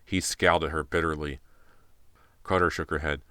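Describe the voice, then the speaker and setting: A man's voice: a bass voice, fairly even intonation, normal speed, bright, forceful tone, no room sound, clean studio sound. A man narrating an audiobook in a tense, dramatic way. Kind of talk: scripted narration.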